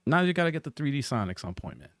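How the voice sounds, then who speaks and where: A man's voice: medium pitch, rapid-fire, dry recording, clean studio sound. A man co-hosting a casual gaming podcast, talking loosely and often ending lines with "man". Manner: animated, says "man" a lot. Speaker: podcast co-host. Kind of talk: casual chat.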